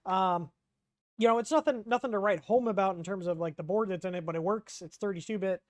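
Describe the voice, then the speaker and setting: A man's voice: high-pitched, a little fast, no room sound. A man hosting a casual livestream Q&A, rambling and chatty, reading out chat questions with lots of ums.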